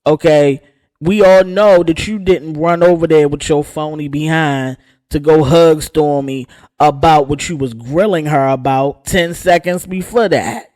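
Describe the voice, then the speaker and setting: A woman's voice: deep voice, measured pace, darkish tone. A woman hosting a gossip channel who rants in a sassy, sarcastic way. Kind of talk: casual gossip rant.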